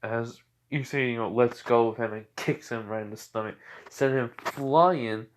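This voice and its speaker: A man's voice: mid-range voice, moderate pace, slight background noise. A man casually narrating a fan story, rambling with many fillers and restarts.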